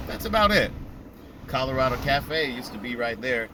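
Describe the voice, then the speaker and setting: Stuck in traffic, this male vlogger talks casually while driving, laughing and telling stories in quoted voices. He has a mid-range voice, sounds very animated, and keeps a moderate pace. The audio carries car and road noise plus background traffic.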